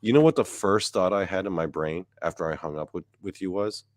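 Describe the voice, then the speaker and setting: Lowish-voiced guy ranting a story, lots of swearing, dry close sound. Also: fairly quick, no room sound. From Baltimore–Washington area, US. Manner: animated, profane storyteller. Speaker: podcast co-host. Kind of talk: casual storytelling chat.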